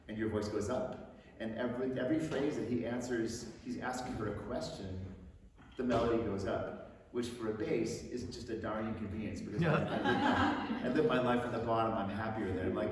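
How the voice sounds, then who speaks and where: A bass singer introducing a song at a concert in a chatty, rambling way with frequent restarts. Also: male voice, darkish tone, slight background noise. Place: concert hall stage. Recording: echoey hall from far off, with music.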